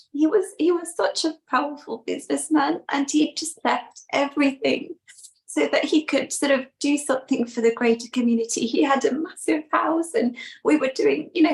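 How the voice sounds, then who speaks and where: A woman's voice: high voice, creaky. A woman speaking as a panelist in a livestream discussion, reflective and hedging with fillers.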